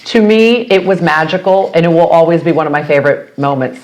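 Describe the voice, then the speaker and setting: A woman guest in casual podcast chat, telling an anecdote with lively acted-out quotes. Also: brisk. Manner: animated storyteller, acts out quotes with big pitch jumps.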